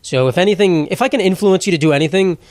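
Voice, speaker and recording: Rambling, sarcastic young comedian, dry close sound. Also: male voice, high-pitched, fast, no room sound. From New York. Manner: rambling, sarcastic, swears freely, laughs at own jokes. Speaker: podcast host, comedian. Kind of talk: solo comedic podcast monologue.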